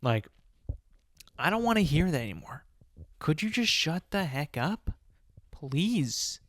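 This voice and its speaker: A man's voice: on the high side, very animated, takes it slowly, a bit bright. A young man hosting a solo podcast, ranting in an exasperated way with lots of fillers and rhetorical questions. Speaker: podcast host.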